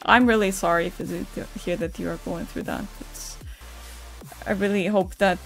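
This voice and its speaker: A woman's voice: on the low side, steady tone, unhurried, gravelly, long pauses, a bit bright, soft background music. A woman streamer chatting candidly and emotionally with her viewers, swearing, laughing and reading their messages aloud. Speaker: Twitch streamer. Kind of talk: casual live-stream chat with viewers.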